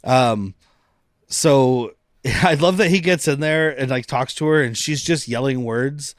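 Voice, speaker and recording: Animated man retelling scenes on a podcast. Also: medium pitch, no echo, clean studio sound. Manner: animated retelling with quick quoted voices, laughs often. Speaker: podcast co-host. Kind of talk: casual chat.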